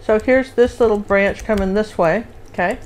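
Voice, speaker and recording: A woman leads a live painting class in a loose, rambling, friendly way. She hums little rhythmic sounds as she draws and keeps up a running commentary. Her voice sits at an ordinary middle pitch for a woman. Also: moderate pace. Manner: chatty, rambling, sings little "do do" rhythms while drawing. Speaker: painting instructor and show host. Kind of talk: live painting lesson with casual chat.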